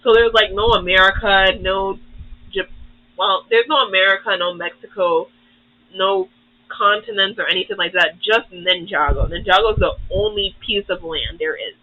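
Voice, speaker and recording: A man's voice: high-pitched, steady tone, normal speed, no room sound, narrow, tinny audio. A young man hosting his own channel, giving a casual, rambling recap of a show full of swearing. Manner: profane, rambling, acts out characters. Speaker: YouTube host.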